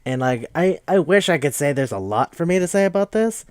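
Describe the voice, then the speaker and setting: A man hosting a podcast, recapping a film in a rambling, excitable way, swearing often and tripping over his restarts. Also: a little high, brisk, clean tone, no echo. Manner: rambling, profane and excitable, with many fillers and restarts. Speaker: podcast host reviewing a film.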